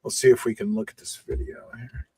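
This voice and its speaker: A man's voice: medium pitch, sing-song, fairly quick, creaky, a little mellow, husky, dry recording. A man hosting a podcast in casual chat, loose and jokey, trailing off as he reads notes. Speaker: podcast host.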